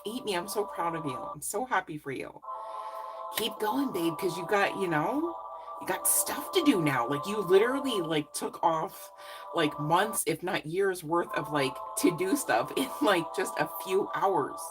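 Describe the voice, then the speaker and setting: Low-voiced effusive woman reader. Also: expressive, unhurried, over music, rough recording. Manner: effusive, encouraging, chatty with many fillers. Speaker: psychic reader. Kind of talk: casual live reading chat.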